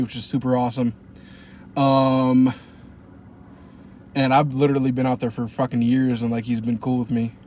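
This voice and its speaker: A man's voice: mid-range voice, darkish tone. A man vlogging casually from his car as he drives, rambling and swearing, with lots of fillers. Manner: rambling, profane, with many fillers. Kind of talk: casual driving vlog. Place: in a car while driving. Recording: car cabin with clear road noise. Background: road and traffic noise.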